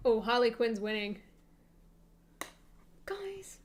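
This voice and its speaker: A young woman streaming, chatting casually and thinking aloud with soft laughs. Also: fairly high pitch, a little slow, slight background noise.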